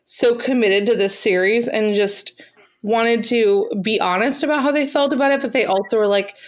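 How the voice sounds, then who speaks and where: A woman's voice: on the high side, moderate pace. A woman co-hosting a casual book chat, rambling with lots of fillers. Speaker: book podcast co-host.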